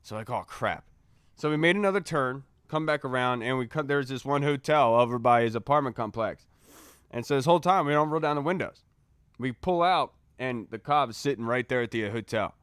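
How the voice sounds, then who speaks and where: A young man, a podcast co-host, telling a story in a casual, animated way and acting out the voices he quotes. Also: medium pitch, fairly quick, smooth, no room sound, clean studio sound.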